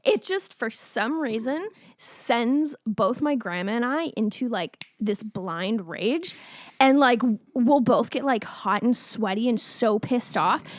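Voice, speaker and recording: High-voiced young woman podcast co-host. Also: animated, slow pace, dry recording, clean studio sound. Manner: laughs a lot, swears, acts out her own outbursts. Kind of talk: casual chat.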